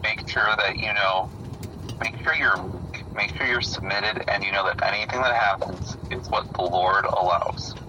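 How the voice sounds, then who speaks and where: Low soft-spoken man heard from a distance. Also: steady tone, moderate pace, background noise. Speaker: fellow street preacher. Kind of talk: casual group talk.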